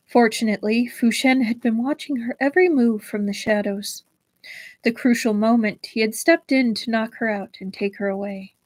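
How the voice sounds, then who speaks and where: A woman reading a novel aloud on a livestream in a measured, expressive storytelling manner. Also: mid-range voice, no echo, low-quality recording. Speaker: livestream book reader.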